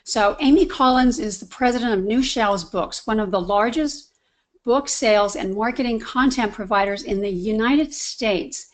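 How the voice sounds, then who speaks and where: A woman's voice: a little high, normal speed. A woman hosting a webinar on a video call, introducing her guest with effusive enthusiasm. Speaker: webinar host.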